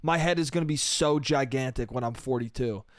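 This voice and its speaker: A young podcast host speaks briskly at a medium pitch in a studio-quality recording with no room sound. On his solo comedy podcast he rambles, makes fun of himself, swears freely, and keeps calling the listener bro and dude.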